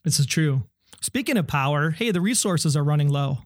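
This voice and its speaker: A man co-hosting a casual TV recap podcast, speculating in an animated way and sometimes quoting characters in put-on voices. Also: a little high, moderate pace, dry recording, clean studio sound. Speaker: podcast co-host.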